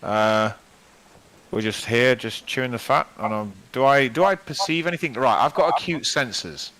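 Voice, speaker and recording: Bright-voiced man, tabletop player. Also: mid-range voice, moderate pace, low-quality recording. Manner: chatty, thinking aloud. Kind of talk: casual tabletop game chat.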